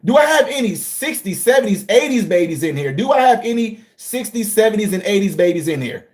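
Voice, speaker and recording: A middle-aged man hosts a casual livestream and talks straight to his viewers. His voice sits high for a man, and he swings from low, quiet asides to loud, excited outbursts. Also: fairly quick. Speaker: livestream host.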